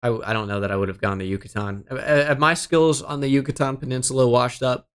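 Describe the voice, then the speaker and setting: A young man commentating a game as he plays, his pitch sitting in an ordinary middle range. He mutters his guesses half to himself, swears often, and sounds exasperated and self-deprecating about his own mistakes. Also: fast, clean tone. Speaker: gaming streamer.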